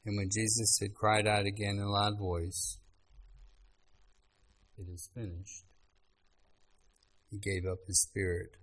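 A man preaching a sermon, reading scripture aloud in an earnest, measured way with pauses. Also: on the low side, completely flat delivery, fairly bright tone, poor audio.

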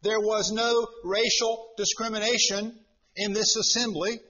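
A man teaching through a Bible passage in a sermon, deliberate and emphatic, repeating his key points. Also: high voice, little pitch movement, sharp tone. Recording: dull lo-fi recording.

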